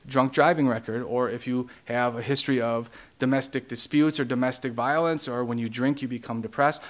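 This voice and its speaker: A man pastor teaching a Bible study in a plain, conversational way, explaining each term one by one. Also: mid-range voice.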